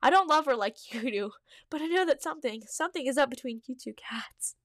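A woman voicing an earnest young tomcat fleeing his clan, in a fan story read aloud, in an earnest, slightly lowered storytelling voice. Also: lively intonation, fast talker, a bit bright, no room sound, clean studio sound.

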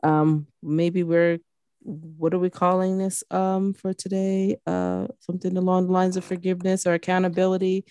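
Low-voiced woman chatting on a podcast. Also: moderate pace, smooth, no room sound, clean studio sound. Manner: chatty, full of fillers, animated when joking. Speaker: podcast co-host. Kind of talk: casual podcast chat.

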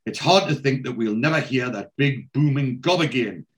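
Medium-pitched and animated, this man talks at a normal speed while casually hosting a podcast. He recaps a TV episode, retelling scenes and voicing characters' lines plainly, with plenty of ums and other fillers.

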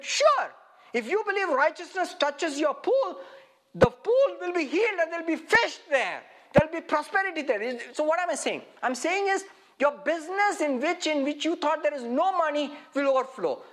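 Male pastor preaching a sermon in a high voice, animated, full of rhetorical questions.

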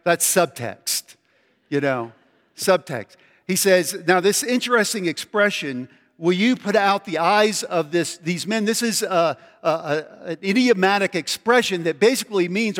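A man's voice: sits high, lively intonation, normal speed, fairly bright tone, long reverb tail. A man preaching a conversational sermon, walking through scripture and mimicking the voices in it. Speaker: pastor.

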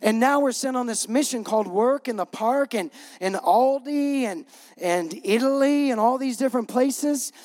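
A man's voice: very high-pitched, normal speed, darkish tone. A middle-aged male pastor giving a conversational, emphatic sermon with repeated punch lines. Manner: gets choked up, laughing through emotion.

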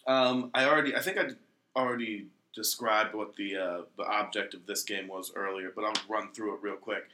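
A man's voice: on the low side, fairly even intonation, a little fast, noisy background. Laid-back man in an echoey room. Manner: laid-back, loose, swearing. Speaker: podcast host. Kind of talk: casual chat, explaining a game.

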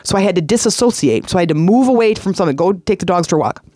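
A woman's voice: fairly low pitch, expressive, rapid-fire, mellow, no echo, studio quality. A middle-aged woman hosting a self-help podcast, talking in an earnest, conversational way that repeats points and slips into sing-song emphasis. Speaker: podcast host.

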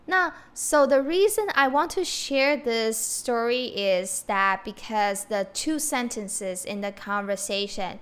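Young woman teaching on a podcast, fairly high voice, goes over each word slowly. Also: a bit bright, smooth. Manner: repeats phrases slowly, explains word by word. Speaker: Mandarin teacher, podcast host. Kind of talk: bilingual language lesson.

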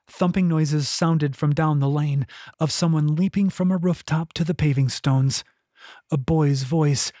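Male author-narrator, measured audiobook read, husky and slightly high-pitched, dry close mic. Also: no echo. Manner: steady, measured storytelling. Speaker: author reading his own novel.

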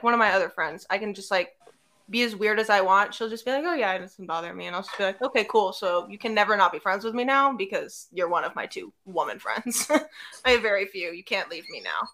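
Young woman co-host just chatting, bright forceful voice, tells stories by doing everybody's lines. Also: mid-range voice, normal speed. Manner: animated storytelling, acting out quotes. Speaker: podcast co-host. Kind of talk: casual chat.

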